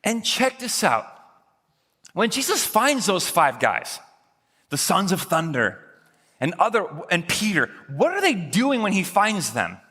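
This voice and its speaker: Casual, animated male pastor mid-sermon, slightly husky, in a reverberant church. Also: high voice, a little slow. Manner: lively, casual storytelling, acting out quoted voices. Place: church sanctuary.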